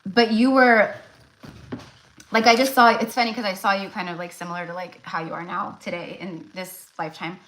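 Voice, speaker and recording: In a low-quality recording, a woman with a mid-range, fairly bright voice speaks steadily at normal speed. She's a tarot reader doing casual live readings, chatty and loose, with lots of fillers, restarts, and laughs.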